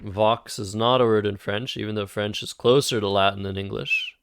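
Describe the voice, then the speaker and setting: A man's voice: on the low side, wildly swooping pitch, normal speed, noisy background. A man casually thinking aloud while playing word games on a live stream. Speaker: streamer and Scrabble player.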